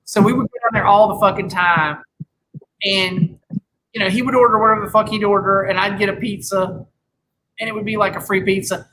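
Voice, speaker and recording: Podcast host, man in his thirties, loose rambling chat, swears a lot, bright tone, faint hiss behind. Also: high voice, steady tone, fairly quick, poor audio. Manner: rambling, swears freely, many restarts. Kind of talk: casual chat.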